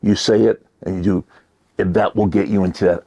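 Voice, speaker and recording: A man giving a motivational talk, shifting between loud emphasis and near-whispered asides. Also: low voice, fairly even intonation, moderate pace, creaky. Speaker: motivational speaker.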